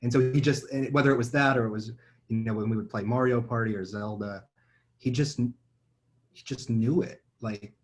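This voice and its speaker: A man's voice: medium pitch, steady tone, normal speed. A man in his thirties, a podcast guest, talking casually with many fillers and repeats. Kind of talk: casual conversation.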